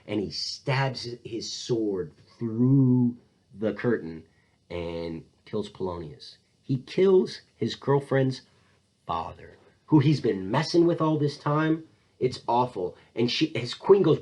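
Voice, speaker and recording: Animated husky man lecturing. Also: medium pitch, moderate pace, low-quality recording. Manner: animated, acts out quoted lines in changing voices. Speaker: teacher. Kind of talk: casual literature lecture.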